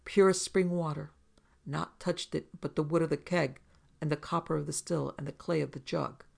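A man voicing an old rustic mountain hunter, spinning unhurried tales in a folksy backwoods dialect. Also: a little high, fairly even intonation, creaky. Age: older.

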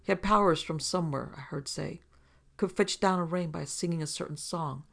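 A man voicing an old rustic mountain hunter, spinning unhurried tales in a folksy backwoods dialect. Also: a little high, vocal fry, fairly bright tone. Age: older.

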